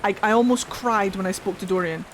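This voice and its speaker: A woman's voice: medium pitch, brisk, a little hiss or hum. Chatty Geordie woman streaming games. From Newcastle, England. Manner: chatty, swears freely, answers chat aloud. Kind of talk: casual gameplay chat.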